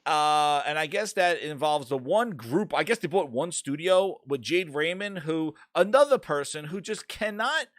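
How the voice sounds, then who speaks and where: A man hosting a casual gaming podcast, ranting loudly and swearing as he talks through the news. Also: a little high, no echo, studio quality. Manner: ranting, profane, animated. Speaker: podcast host.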